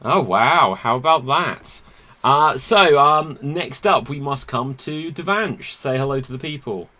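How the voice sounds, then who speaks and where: Bright-voiced playful comedy host. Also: male voice, mid-range voice, expressive. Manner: playful, quick to laugh. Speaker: game show host. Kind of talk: upbeat comedy show hosting.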